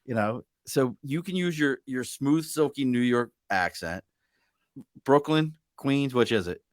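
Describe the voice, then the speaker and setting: A man's voice: medium pitch, measured pace, no room sound, studio quality. Joking Baltimore man hosting a podcast. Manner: animated, joking, teasing. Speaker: podcast host. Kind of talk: casual interview chat.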